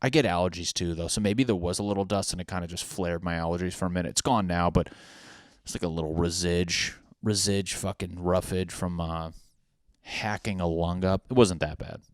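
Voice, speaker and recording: A young man with a very low voice rants his way through a solo podcast, swearing freely and poking fun at himself as he rambles, stopping now and then for a wet cough. The sound is close and dry, with no room around it. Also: steady tone, brisk, dry recording. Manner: crude, profane, self-mocking, rambling. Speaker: podcast host. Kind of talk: solo comedic podcast rant.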